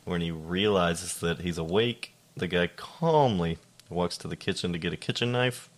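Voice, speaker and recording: A young man with a very deep, low voice co-hosts a casual podcast. He reads out listener stories in a deadpan tone, swearing freely and chuckling along the way. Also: moderate pace. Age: young adult. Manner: deadpan, swears casually, laughs while reading.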